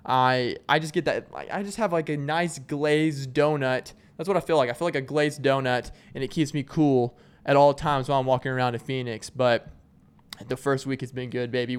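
A man's voice: mid-range voice, smooth. A young man from Arkansas, hosting his podcast in a loose, joking ramble full of fillers and restarts. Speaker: podcast host. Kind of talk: casual solo chat.

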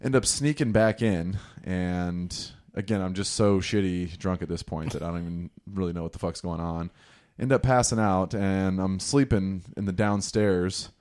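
A man's voice: low voice, moderate pace, a little mellow. A young man casually telling a rambling, profane, self-deprecating story in a podcast chat.

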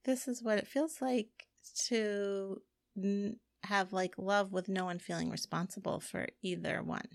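Podcast co-host, middle-aged woman, gravelly, rambling casual chat, dry close sound. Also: mid-range voice, steady tone, a little slow, no echo. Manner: chatty, rambling with frequent "like" and laughs.

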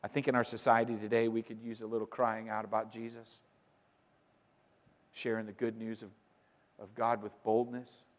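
A man preaching a sermon, emphatic, moving between loud declarations and quiet, conversational asides. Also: fairly low pitch, little pitch movement, normal speed, pauses often. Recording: long reverb of a large hall.

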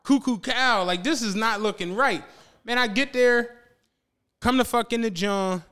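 A man co-hosting a podcast who tells a long story in casual chat, profane and animated, laughing often and acting out what people said. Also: very high-pitched, measured pace, smooth. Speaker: podcast co-host.

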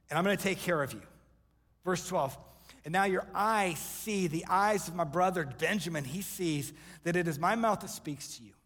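High-voiced pastor preaching in a hall. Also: male voice, a bit bright. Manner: emphatic preaching with quick asides to the congregation. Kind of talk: sermon. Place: church sanctuary. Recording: live church hall reverb.

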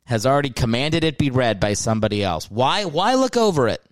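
A man's voice: medium pitch, very animated, fairly quick, no echo, clean studio sound. A man hosting his own podcast, rambling and joking about himself in a casual solo monologue, with some swearing. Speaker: podcast host and comedian. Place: indoors, seated on a creaky chair.

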